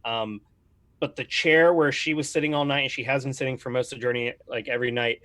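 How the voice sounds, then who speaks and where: A man's voice: mid-range voice, steady tone, fast talker, fairly bright tone, dry recording. Man, game master, casual rambling narration, dry close sound.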